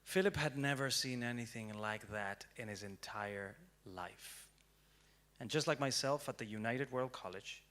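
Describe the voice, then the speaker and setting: A young man giving a prepared storytelling talk on stage, dramatic and swinging from hushed to loud. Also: on the low side. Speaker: speaker. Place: stage before an audience.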